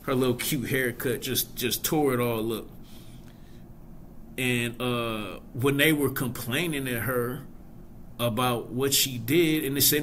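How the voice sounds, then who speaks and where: A man in a casual review video, talking through a TV episode in a chatty, animated way. His voice is bright and crisp, and he speaks at an unhurried, drawn-out pace with a faint hiss underneath. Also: medium pitch. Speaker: host.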